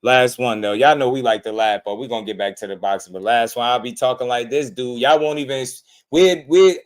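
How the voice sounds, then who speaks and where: A man's voice: mid-range voice, fast talker. A man in the middle of the male range hosts a boxing channel, riffing loosely on clips he has just watched. His talk is slangy and rambling, and it is broken up often by laughter. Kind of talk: casual reaction commentary.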